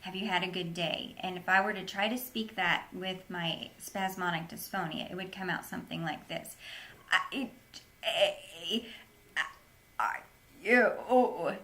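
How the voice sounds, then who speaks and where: A woman's voice: lowish voice, flat delivery, normal speed, few pauses, bright, forceful tone. A woman, an interview guest, recounting a personal story in an earnest, plain-spoken way.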